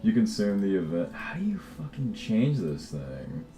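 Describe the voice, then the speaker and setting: Lively low-voiced man streaming while coding. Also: moderate pace, soft background music. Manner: loose, profane, restarts words often, laughs a lot. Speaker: game developer livestreaming. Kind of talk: casual livestream chat while coding.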